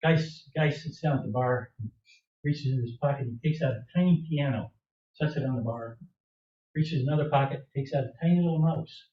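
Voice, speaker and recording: A man's voice: medium pitch, brisk, slight background noise. An older man, a senior acting student, telling a string of jokes to a class audience and playfully acting them out with gestures. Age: older adult. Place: performance room. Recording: echoey room, distant mic, dull sound.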